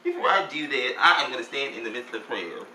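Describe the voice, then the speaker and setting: A man's voice: mid-range voice, big pitch swings, fast talker, pushed and bright, roomy sound, slight background noise, low-quality recording. A man delivering a sassy, campy comic gossip monologue, laughing often and calling everyone honey and girl.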